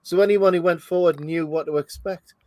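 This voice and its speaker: A man's voice: high voice, steady tone, a little fast, dark tone, no echo. Upbeat man rambling over a movie. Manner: rambling, thinking aloud with many fillers. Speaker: host. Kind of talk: casual movie commentary.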